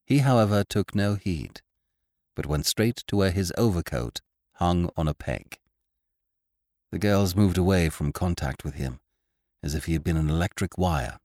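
A man narrating a classic short story as an audiobook host, in a measured, expressive storytelling manner. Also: low-pitched, no echo, studio quality. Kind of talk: scripted narration.

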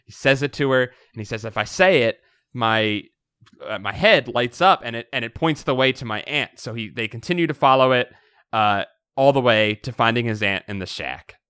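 A podcast co-host recaps a book on a casual show, animated and laughing as he swears freely. His voice sits at medium pitch and moves at a normal speed with a clean tone. The recording is clean studio sound with no room sound.

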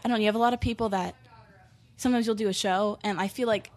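A woman's voice: mid-range voice, fairly even intonation, fast talker. A young woman, a touring musician, chatting casually on a podcast, bubbly and laughing often as she acts out what people said.

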